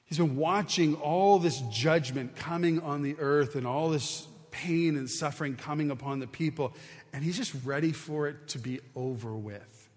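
A man's voice: fairly high pitch, normal speed, long reverb tail. A man preaching a sermon as a pastor, teaching in an earnest, conversational way with frequent restarts.

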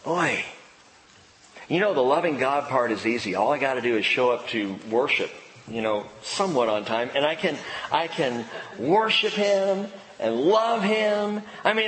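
A man's voice: a little high, normal speed, a bit bright, slight background noise. A man preaching a sermon, telling a personal story with self-mocking humor. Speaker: pastor. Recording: long reverb of a church hall.

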